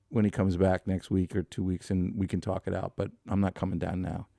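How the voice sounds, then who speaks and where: A man in his fifties with a low, deep voice tells a long story as a podcast guest. He rambles through it with many fillers and restarts. The sound is dry and close, with no room echo. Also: flat delivery, fairly quick, vocal fry, mellow.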